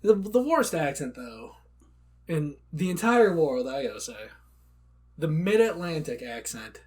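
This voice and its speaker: A man's voice: fairly high pitch, sing-song, unhurried, a little mellow. A man co-hosting a casual gaming podcast, joking crudely and rambling through his points. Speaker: podcast co-host. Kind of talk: casual chat.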